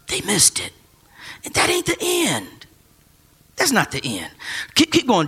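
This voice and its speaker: A man preaching a sermon, building from quiet reading to shouted, drawn-out emphasis. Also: high voice, wildly swooping pitch, husky. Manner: rising to shouted call-and-response cadence, drawn-out emphasis.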